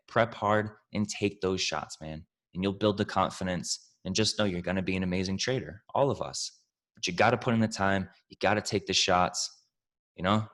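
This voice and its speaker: A man's voice: low voice, a bit bright. A man answering questions as a trading mentor, talking in a pumped-up, profane, coach-like way and calling his listeners family and team. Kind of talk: casual Q&A talk.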